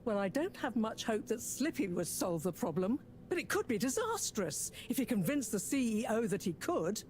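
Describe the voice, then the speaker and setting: A woman's voice: on the high side, big pitch swings, normal speed, a little mellow, slight background noise. A prim, motherly professor. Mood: fussy. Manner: precise, proper diction, fond of proverbs. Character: prim, wordy older woman professor, motherly. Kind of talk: video game dialogue.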